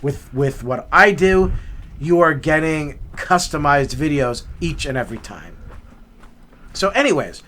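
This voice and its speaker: A middle-aged man chatting on a forest trail in a bright, forceful voice pitched a little high. He rambles and restarts as he tells his story, with a faint outdoor hum behind him. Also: measured pace. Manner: relaxed, rambling, with many restarts and amused asides. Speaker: vlog host. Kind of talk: casual storytelling while hiking. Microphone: camera mic, walking.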